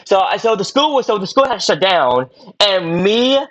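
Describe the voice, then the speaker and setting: A man's voice: high-pitched, big pitch swings, moderate pace, a bit bright. A young man telling a long personal story on a podcast in a casual, rambling way, full of fillers and repeats. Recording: dull lo-fi audio.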